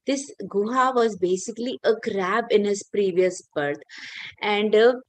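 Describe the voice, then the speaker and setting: A woman's voice: medium pitch, unhurried. A woman teacher telling a story in an online class, chatty with many fillers and questions to listeners.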